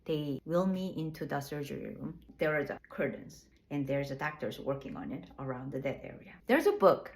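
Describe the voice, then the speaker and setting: A woman casually telling her own birth story, candid and plainspoken, with loose, halting phrasing and laughs at herself. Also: low-pitched, animated, rough recording.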